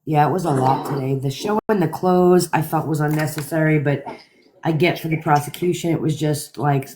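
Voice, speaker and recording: A woman on a live stream reading out and summarizing a call transcript in a flat, matter-of-fact way. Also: low-pitched, fairly quick, slight background noise, low-quality recording. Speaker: live stream co-host recapping a trial. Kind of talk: casual live stream chat.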